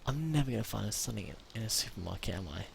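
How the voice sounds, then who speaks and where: A gamer mutters to himself during a survival game, lurching from anxious whispers to sudden panicked yelps and repeating himself under stress. His voice is on the low side, expressive, very fast and creaky, with a little hiss or hum in the background.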